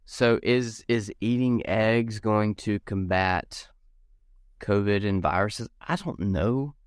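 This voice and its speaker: A man's voice: fairly low pitch, takes it slowly, clean tone, no room sound, studio quality. A man co-hosting a casual group podcast, rambling and restarting often as he explains things over a video call. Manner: rambling, restarts a lot while reading. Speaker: podcast co-host.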